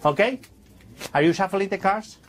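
A man's voice: sits high, moderate pace, a little hiss or hum. A man performing as a stage magician, chatting playfully with the audience in slightly broken English.

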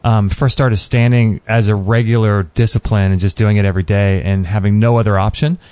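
A man's voice: on the low side, steady tone, fairly quick, darkish tone, no echo. A man hosting a casual interview, easygoing and agreeable. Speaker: radio show host.

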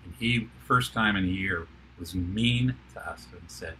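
Older male TV producer as guest; low-ish, very bright voice, lively storyteller. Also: normal speed, few pauses, a little hiss or hum. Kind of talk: animated anecdotal storytelling.

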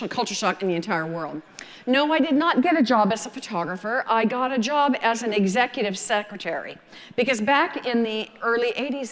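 A woman in her sixties with a Southern American accent, telling her story at a photography conference in a folksy, animated way. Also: on the high side, long reverb tail. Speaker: photography speaker. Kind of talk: conference talk.

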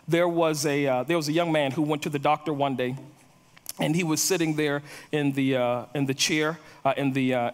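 A man's voice: mid-range voice, big-room sound. A male pastor preaching a sermon, telling stories and repeating words as he builds a point.

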